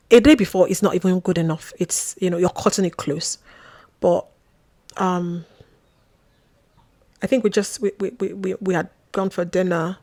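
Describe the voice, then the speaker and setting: A young adult woman vlogging, telling a personal story in a chatty, wry way, with asides and quick bits of mimicry. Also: medium pitch, a little mellow, dry recording. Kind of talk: casual storytelling to camera.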